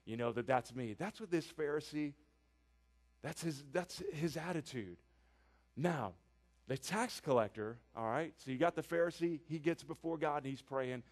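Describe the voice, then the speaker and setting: A man's voice: a little high, moderate pace. A man preaching an earnest, emphatic sermon with many repeated phrases.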